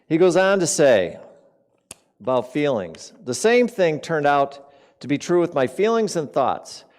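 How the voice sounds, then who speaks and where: Conversational man preaching with big swings. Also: a little high. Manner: conversational, with sharp swings between loud emphasis and quiet asides; asks the audience questions. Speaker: speaker at a spiritual community. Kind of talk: sermon.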